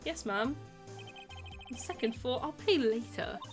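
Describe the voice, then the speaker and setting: A woman's voice: on the high side, expressive, a little slow, faint music behind. A woman voicing an awkward young male lawyer who answers mildly and hesitantly. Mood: sheepish. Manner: hesitant, mild, apologetic.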